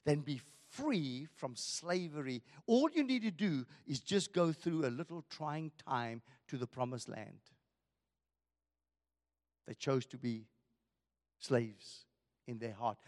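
A male pastor preaches in a high, lively voice that rises and falls dramatically. He delivers his lines slowly and with emphasis, pressing the congregation with rhetorical questions. Long reverb trails each phrase through a church hall. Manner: emphatic, rhetorical questions, swinging from loud to hushed. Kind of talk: sermon.

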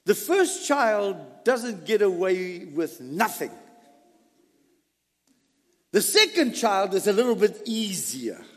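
A man preaching in a church hall, his slightly raised voice carrying a long reverb. He tells homely stories and drives his points home, dropping to quiet asides and then rising to sudden loud emphasis. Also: high voice, very animated, takes it slowly, long pauses. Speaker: pastor. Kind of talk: sermon.

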